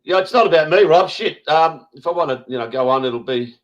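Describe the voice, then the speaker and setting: Brief: Aussie male host, blunt and irritable, swears freely, slightly high voice, video call. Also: animated, fairly quick, highs cut off. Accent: Australian. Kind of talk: casual online roundtable chat.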